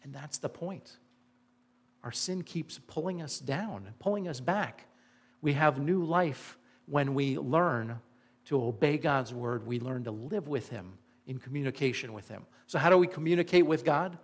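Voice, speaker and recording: A man's voice: mid-range voice, unhurried, slightly rough. A man preaching a sermon, earnest and emphatic, asking the listeners rhetorical questions. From Indiana. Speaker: pastor.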